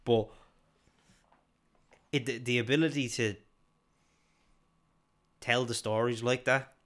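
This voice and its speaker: A man's voice: medium pitch, steady tone, takes it slowly, fairly bright tone. A young man, co-hosting a podcast, rambling and swearing freely in casual chat. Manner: rambling, sweary, laughs often. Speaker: podcast co-host.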